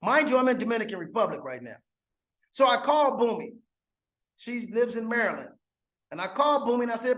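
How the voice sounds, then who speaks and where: A network marketing promoter giving an excited testimonial, repeating phrases over and over for emphasis. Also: medium pitch, a little fast, long pauses. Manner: excited and repetitive, stacking phrases. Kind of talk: enthusiastic testimonial monologue. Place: abroad on a trip.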